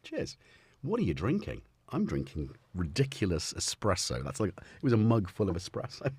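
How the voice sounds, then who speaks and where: Lively low-voiced man rambling. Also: moderate pace, husky, dry recording. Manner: rambling, self-interrupting, jokey. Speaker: live-stream host. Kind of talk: casual live-stream chat.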